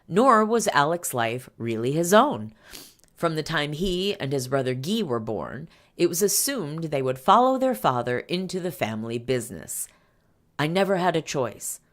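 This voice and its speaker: A woman's voice: low voice, very animated, normal speed, fairly bright tone. A woman hosting a podcast, reading an article aloud and breaking off for chatty asides full of fillers. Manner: chatty asides with fillers between read passages. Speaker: podcast host.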